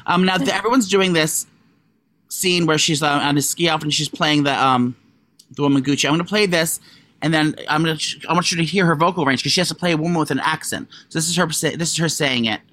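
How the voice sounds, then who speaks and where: A man co-hosting a podcast, chatting casually and rambling with many fillers and animated jumps. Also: fast talker. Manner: rambling, lots of likes and ums, animated jumps in pitch. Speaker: podcast co-host. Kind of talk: casual gossip chat.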